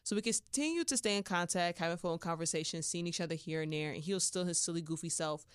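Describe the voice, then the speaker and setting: Woman, podcast host, casual storytelling, animated and slangy, smooth clear voice, dry close sound. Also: on the low side, quick pace, no echo. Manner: animated and playful, with slangy asides and laughter.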